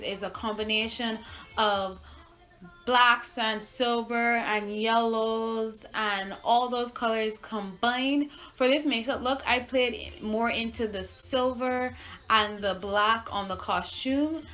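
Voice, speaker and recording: A young woman from Barbados with a mixed Barbadian and American accent, chatting casually through a makeup tutorial. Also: medium pitch. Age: young adult. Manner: chatty, relaxed, with fillers. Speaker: beauty vlogger.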